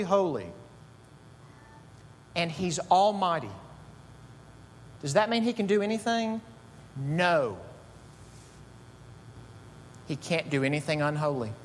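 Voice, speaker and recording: A male pastor delivering a sermon with a slightly high voice that climbs sharply on stressed words. The sound carries a long hall reverb with a faint low rumble underneath. His delivery is emphatic and builds in intensity. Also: a little slow, pauses often. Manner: emphatic, rising to high bursts on key words.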